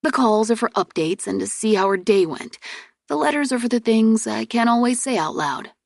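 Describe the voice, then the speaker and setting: A woman's voice: on the high side, animated, moderate pace, creaky, no room sound, studio quality, pitched above the performer's own voice. A woman reader voicing a teasing, amused young prince, the heroine's twin brother, in an audiobook.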